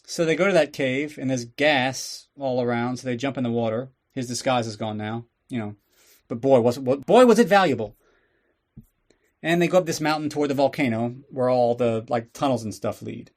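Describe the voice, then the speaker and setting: A man's voice: mid-range voice, moderate pace. A man with a mid-range voice recapping a film for a podcast audience. His delivery is loose and sarcastic, full of swearing and offhand jokes. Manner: sarcastic and profane, riffing on the plot. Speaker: podcast host. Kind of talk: casual comedic movie recap.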